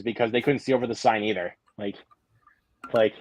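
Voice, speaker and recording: A man's voice: on the low side, steady tone, fairly quick, rough recording. A young man hosting a casual live-stream chat, rambling through stories with lots of fillers and restarts. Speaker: host.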